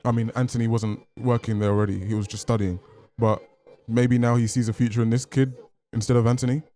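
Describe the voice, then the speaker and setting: A man hosting a film reaction, talking casually with joking asides and quick exclamations. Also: mid-range voice, level tone, warm tone. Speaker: movie reaction host.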